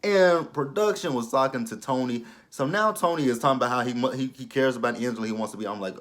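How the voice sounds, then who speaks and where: A man, casually reviewing a reality show in a joking, profane, animated way. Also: mid-range voice, quick pace, hardly any pauses.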